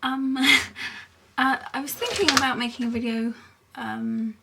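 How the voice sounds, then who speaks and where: A young woman from Essex with an Essex accent, chatting casually in a rambling vlog, giggling often and filling pauses with lots of ums. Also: high-pitched, steady tone, gravelly, far from the mic, very noisy. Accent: Essex English. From England (Essex).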